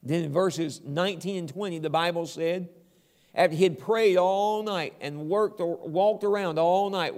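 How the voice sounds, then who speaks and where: A male preacher delivering a sermon, retelling scripture in an animated way and closing with a quiet prayer. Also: sits high.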